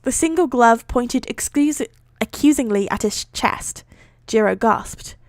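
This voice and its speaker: A woman's voice: on the high side, lively intonation, unhurried, no echo, clean studio sound. A British woman reading fan fiction live on her stream, chatty and giggly, often correcting herself. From Britain. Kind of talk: casual live reading aloud.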